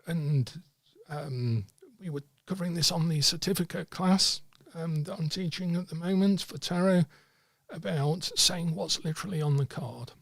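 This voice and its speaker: A man teaching tarot reading, speaking in a measured, explanatory way. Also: fairly high pitch, creaky, a bit bright, no room sound. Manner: measured, explanatory, acts out client dialogue. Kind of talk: teaching talk with acted examples.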